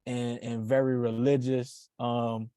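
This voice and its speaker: A man hosting a podcast who speaks in a reflective, thoughtful way, pausing often. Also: medium pitch, level tone, mellow, clear, resonant tone, no echo, clean studio sound. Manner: reflective, thoughtful, with frequent pauses and restarts. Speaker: podcast host. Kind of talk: conversational interview.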